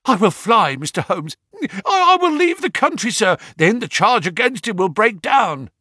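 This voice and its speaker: Shrieking, terrified young thief begging for mercy, voice pushed very high and loud, read by a man; storybook reading. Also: big pitch swings, normal speed, husky, no echo, studio quality, exaggerated voice. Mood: desperate pleading. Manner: shrieking, pleading. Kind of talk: audiobook character reading.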